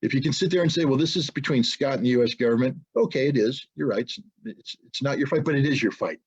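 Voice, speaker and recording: Husky, indignant American man on a dull call. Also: mid-range voice, fast. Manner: forceful, indignant, rises to loud rhetorical questions. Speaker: webinar guest speaker. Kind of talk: impassioned webinar talk. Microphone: video call.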